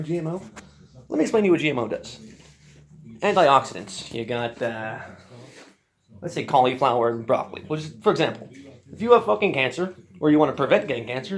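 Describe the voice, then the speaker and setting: A man telling a rambling story as a podcast guest, swearing often and ranting with energy. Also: a little high. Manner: profane, animated ranting.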